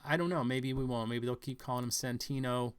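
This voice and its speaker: A man giving a halting, speculative commentary on news stories, thinking aloud with many fillers and restarts. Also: mid-range voice, steady tone, clean tone.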